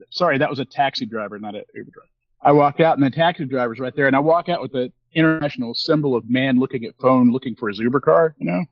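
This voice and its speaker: A man's voice: mid-range voice, dry recording. A man in his fifties tells a long, wandering story as a podcast co-host, circling back with fillers and restarts. He slips into the voices of the people he quotes. The recording is dry and a little dull. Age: 50s. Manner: rambling, with many fillers and restarts, acting out quoted exchanges. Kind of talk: casual storytelling chat.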